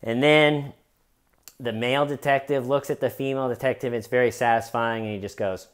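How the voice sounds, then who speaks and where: A man's voice: mid-range voice, brisk. A man casually retelling an interrogation, putting on the voices of the people he quotes. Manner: animated storyteller, mimics the people he quotes. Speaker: true crime commentator.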